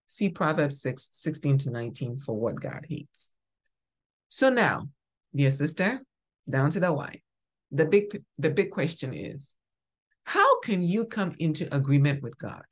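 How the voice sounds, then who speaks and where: A woman hosting a devotional podcast, teaching scripture in an emphatic, preacherly way. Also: fairly low pitch. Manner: slow, emphatic, preacherly, stresses single words. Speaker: podcast host.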